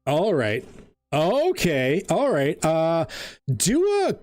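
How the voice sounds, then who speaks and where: A man's voice: fairly high pitch, very animated, slow pace, a little mellow, no echo. A man narrating a tabletop game as game master, rambling with plenty of fillers. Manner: rambling, laughs often, lots of fillers.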